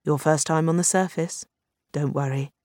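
A courteous, composed woman explorer on the moon, as a storybook reader puts her on. She talks in a measured, formal way and stays gently reassuring, even when the news is grave. The read is dry and close, with no room echo. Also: sits low, lightly acted. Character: calm, courteous Chinese woman lunar explorer.

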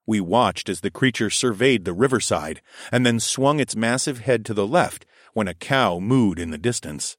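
A man reading a first-person adventure story aloud in a steady, even narrating manner. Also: on the low side, normal speed, dry recording, clean studio sound. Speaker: audiobook narrator.

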